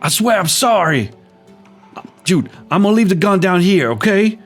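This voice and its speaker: A man's voice: high-pitched, animated, moderate pace, soft background music, voice pushed up. A man voicing a frazzled, swaggering young man who curses and pleads. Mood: pleading. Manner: pleading, profane, jittery.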